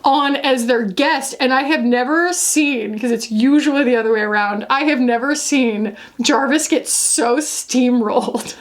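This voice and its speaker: A woman's voice: high voice, unhurried, hardly any pauses. A woman from Florida chatting casually in a makeup vlog, playful and full of fillers and jokey asides as she reviews beauty products. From Florida, USA.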